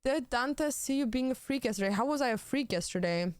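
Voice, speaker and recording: A woman's voice: high-pitched, animated, fairly quick, clean tone, no room sound, studio quality. A young woman streaming, chatting casually while she plays, blunt and swearing freely with lots of fillers. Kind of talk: casual chat while gaming.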